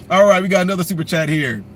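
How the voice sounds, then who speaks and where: A man's voice: high-pitched, a bit bright, slight background noise. A man hosting a livestream commentary, rambling and sarcastic in a slangy style. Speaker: commentary channel host.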